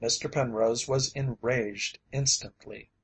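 A man reading a story aloud as an audiobook narrator, in a steady, even manner. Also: mid-range voice, measured pace, breathy edge, low-quality recording. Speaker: audiobook reader.

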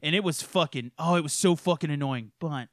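A man's voice: a little high, fast talker, no room sound, studio quality. A man co-hosting a podcast, ranting and swearing in crude casual chat, laughing often. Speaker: podcast co-host.

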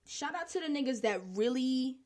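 A woman's voice: high-pitched, expressive, normal speed, darkish tone. A woman hosting a podcast, delivering a blunt, profane, exasperated rant full of slang. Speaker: podcast host. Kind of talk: casual political rant.

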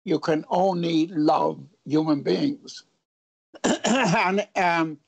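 Guest, slightly high voice, slow and halting, dry wit, dead dry room. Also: male voice, vocal fry, slightly rough, no room sound. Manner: halting, searches for words, wry humour. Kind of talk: interview answers.

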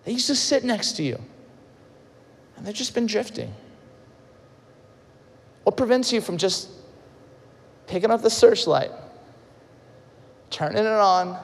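A man preaching a sermon, telling stories with lively acted-out quotes and shifts between loud and soft. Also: sits high, slow pace, gravelly, long pauses, big-room sound. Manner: animated storytelling, acts out quotes, swings loud and soft. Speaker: pastor. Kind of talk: sermon with storytelling.

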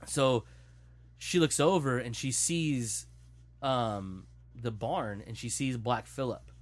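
A man in casual chat, retelling a story in an animated, profane way. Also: medium pitch, takes it slowly.

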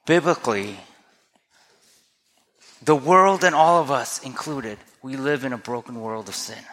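A man's voice: mid-range voice, bright, forceful tone. A man preaching a sermon as a pastor, earnest and conversational, often asking his listeners rhetorical questions. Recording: long hall reverb.

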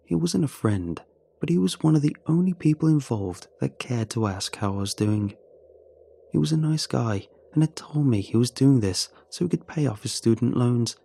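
A man reading a first-person horror story in a measured, steady way. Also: mid-range voice, gravelly, husky.

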